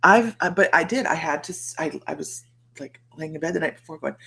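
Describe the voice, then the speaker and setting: A woman's voice: low-pitched, lively intonation, fairly quick, gravelly, sharp tone. A middle-aged American woman hosting a psychic livestream, chatting in a rambling way and greeting viewers by name. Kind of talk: casual livestream chat.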